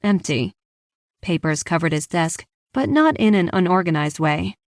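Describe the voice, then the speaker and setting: A woman's voice: on the low side, normal speed, no echo, studio quality. Woman narrating a first-person audiobook. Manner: even, engaged storytelling with lively dialogue.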